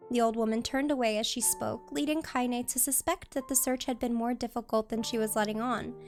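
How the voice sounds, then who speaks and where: A woman streamer reading a novel aloud in steady storybook narration. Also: a little high, fairly quick, hardly any pauses, soft background music.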